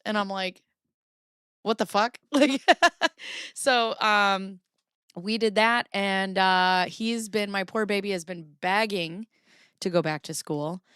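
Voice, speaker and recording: A woman's voice: mid-range voice, fairly bright tone, clear, resonant tone, no echo, studio quality. A woman hosting a casual livestream, chatting in a rambling way, greeting her viewers and swearing now and then. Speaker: livestream host.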